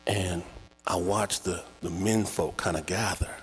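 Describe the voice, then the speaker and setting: A man telling a personal story live, in an animated, theatrical and conversational way, with a slightly husky voice. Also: deep voice, measured pace, soft background music. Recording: echoey hall with long reverb.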